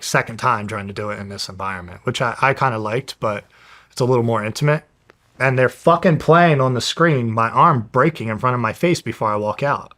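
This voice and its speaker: Young man from new jersey, low-pitched, forceful, blunt, swears a lot, casual storytelling guest. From New Jersey, USA. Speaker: guest, professional fighter.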